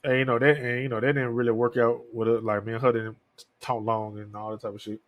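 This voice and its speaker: The recording is dry, narrow, and tinny as a man in his thirties talks fast in a flat, medium-pitched voice. Hosting his podcast alone, he delivers a casual, candid, rambling monologue laced with swearing.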